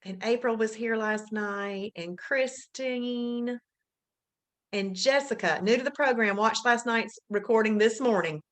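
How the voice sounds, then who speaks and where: A woman's voice: fairly high pitch, a little slow. A woman with an Alabama accent hosting a live webinar, chatting casually and greeting viewers by name in an upbeat way. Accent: Southern US, Alabama. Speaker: webinar host.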